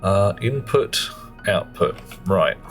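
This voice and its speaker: Guy streaming, kinda low voice, rambly and chatty, muttering as he plays, soft music behind. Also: animated, slow. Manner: rambling, chatty, muttering to himself while playing. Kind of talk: casual live gaming commentary.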